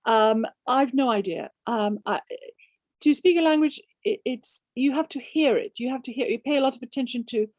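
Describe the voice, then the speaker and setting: An older Spanish woman author with a fairly high, slightly mellow voice answers questions in a conversational Q&A at normal speed. She is emphatic, often restarts, and fires off rhetorical questions. The recording is dry, with no echo or room sound.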